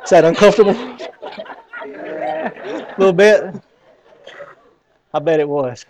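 A man with a Southern accent preaching a sermon, telling a story with lively acted-out scenes. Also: fairly high pitch, a little slow, some chatter behind. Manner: animated storytelling, acting out scenes. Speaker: pastor.

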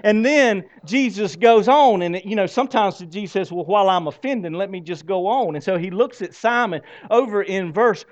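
A man preaching a sermon as pastor, swinging from loud exclamations to hushed, drawn-out lines. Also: high voice, highs cut off.

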